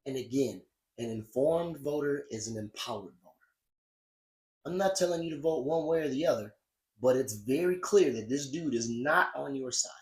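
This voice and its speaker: A man hosts a political podcast in a blunt, profane voice of middle pitch. He grows heated and emphatic as he makes his points. The recording has a noticeable roomy echo. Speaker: podcast host. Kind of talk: political commentary monologue.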